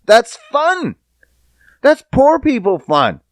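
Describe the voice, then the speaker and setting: A man in his thirties hosting a podcast, ranting in a high, swooping voice that rises and falls wildly. He is foul-mouthed and animated, with an unhurried delivery, recorded close and dry. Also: dry recording. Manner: profane, animated storytelling with voiced bits. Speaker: podcast host. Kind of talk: casual comedic podcast rant. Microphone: podcast studio mic.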